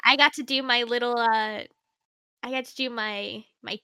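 Woman, podcast co-host, casual chat, bright forceful voice, dry close sound. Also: a little high, fairly even intonation, normal speed, smooth, no echo. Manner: giggly, trails off into mumbles.

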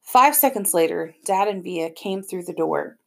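A woman's voice: on the low side, animated, unhurried, vocal fry, a bit bright. A woman narrating an audiobook in plain first-person storytelling. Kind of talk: scripted narration.

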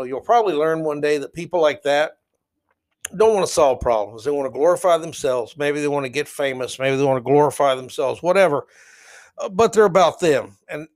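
A middle-aged man with a slightly high voice holds forth alone on his podcast. He rants bluntly and heatedly, wandering from story to story with strong opinions. His delivery is loose and conversational, never scripted. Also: fairly quick. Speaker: podcast host. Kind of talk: opinionated solo podcast monologue.

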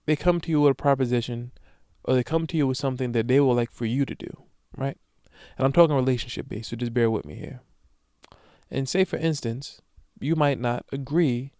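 Young man, solo podcast host, slangy and profane, rambling storyteller, smooth resonant voice, dry close sound. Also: mid-range voice, mellow, no room sound. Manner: slangy, profane, rambling storytelling with repeated "you know what I'm saying". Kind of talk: casual solo podcast monologue.

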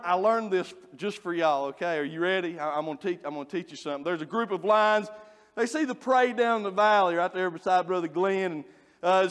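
A man preaching a sermon, folksy and joking as he tells animated stories. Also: high voice. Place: church. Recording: long reverb of a church hall.

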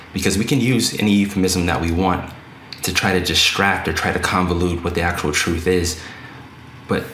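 This podcast host reads news stories aloud and chats about them casually, his low voice carrying a slightly bright quality. There's some echo from the room and a bit of faint noise.

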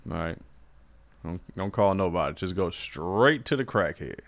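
A man's voice: deep voice, animated, moderate pace, gravelly. A man co-hosting a podcast in casual, profane, laughing banter. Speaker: podcast co-host. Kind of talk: casual chat.

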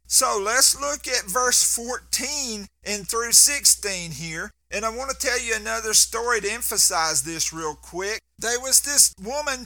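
A man's voice: extremely high pitch, bright, forceful tone. A man preaching a sermon, telling folksy stories and often stumbling and restarting his words. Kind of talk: sermon with storytelling.

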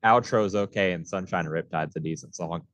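A man co-hosting a casual music review podcast, blunt and quick to laugh, swearing casually. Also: low-pitched, a bit bright, dry recording, lo-fi sound. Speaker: podcast co-host.

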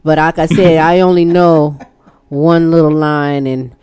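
A woman's voice: low-pitched, fairly even intonation, a little slow, dark tone, clear, resonant tone. A woman from Texas, hosting a radio talk show in a playful, teasing way and laughing often.

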